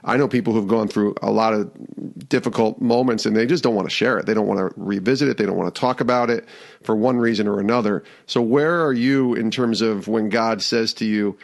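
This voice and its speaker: Gentle low-voiced male host. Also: fairly quick, gravelly. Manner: thoughtful, gentle, searching for words. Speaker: podcast host. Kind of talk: interview questions.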